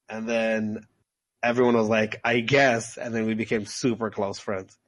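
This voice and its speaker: Young male podcast co-host, rambly and jokey storyteller, mid-range voice. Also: medium pitch. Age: young adult. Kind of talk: casual chat.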